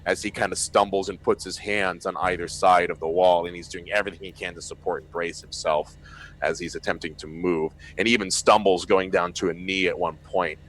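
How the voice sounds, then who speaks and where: Deep-voiced game master narrating. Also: male voice, fairly even intonation, fairly quick, a bit bright, slight background noise, low-quality recording. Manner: loose, searching narration with fillers.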